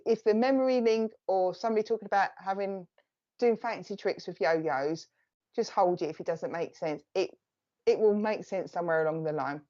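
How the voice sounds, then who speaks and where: A woman's voice: on the low side, warm tone, dull audio. A woman with an Essex accent giving a live psychic reading, relaying messages in a chatty, reassuring way. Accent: Essex English. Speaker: psychic medium.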